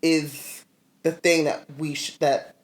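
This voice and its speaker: A woman co-hosting a casual podcast recap, animated and full of fillers. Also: low voice, takes it slowly. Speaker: podcast co-host.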